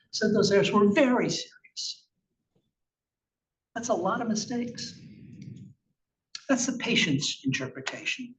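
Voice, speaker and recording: A man giving a conversational, emphatic conference presentation about clinical research with slides, asking rhetorical questions as he goes. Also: high-pitched. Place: conference room. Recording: echoey, distant, muffled room recording with faint noise.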